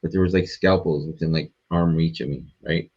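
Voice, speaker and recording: A man appearing as a podcast guest, telling a story in a rambling, profane, animated way. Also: extremely low pitch, brisk, slightly rough, lo-fi sound. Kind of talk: casual storytelling.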